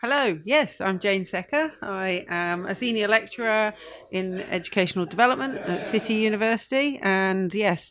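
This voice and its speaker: A woman guest on a casual podcast, her voice at a middle pitch. She talks cheerfully and chattily. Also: fairly bright tone. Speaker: podcast guest, senior lecturer.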